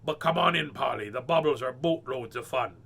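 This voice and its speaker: A man voicing a terrible, smelly, bellowing pirate in a read-aloud storybook, with gruff pirate talk. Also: mid-range voice, fairly quick, bright, forceful tone, heavily acted.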